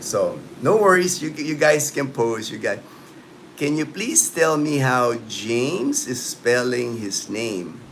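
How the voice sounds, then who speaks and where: At home in the Philippines, a man in his late fifties hosts a casual livestream, rambling loosely and answering viewers' comments in talk full of "you know" and "man." His mid-range voice has a fairly bright tone, with a little hiss or hum in the recording.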